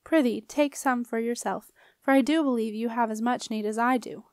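A woman's voice: on the high side, moderate pace, no echo, lightly acted. A woman reading the part of a lanky male alchemist who speaks in an archaic, formal way, in a dry recording. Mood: courtly. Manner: old-fashioned formal speech.

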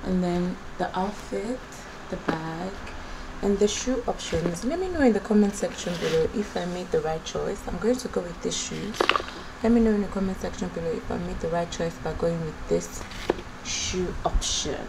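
A woman's voice: fairly low pitch, normal speed, gravelly, noisy background. Chatty young woman vlogging at home. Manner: chatty and playful, talking straight to viewers. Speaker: beauty and lifestyle vlogger. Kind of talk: casual behind-the-scenes vlog. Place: at home, among her filming lights.

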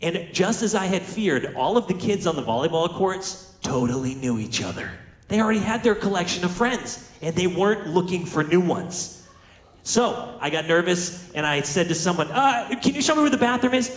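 A man's voice: high-pitched, expressive, moderate pace, reverberant. A man telling a funny, self-mocking childhood story to an audience, acting out the voices in it. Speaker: motivational speaker. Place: large room with audience.

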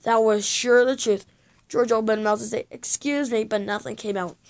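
A woman's voice: a little high, level tone, moderate pace. A woman reading a children's chapter book aloud, telling it with drama and sound effects.

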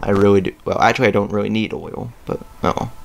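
A young man hosting a let's play, rambling casually with lots of fillers and throat clearing as he plays a strategy game. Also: lowish voice, fast, a little hiss or hum. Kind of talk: casual gameplay commentary. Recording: faint game music behind.

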